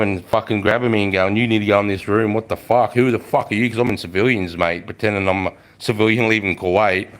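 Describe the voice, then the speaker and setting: A man with an Australian accent, in his forties, telling army stories and chatting with viewers on a casual live stream, swearing freely. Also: lowish voice. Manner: swears a lot, laid-back, reads chat aloud. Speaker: livestream host, ex-soldier.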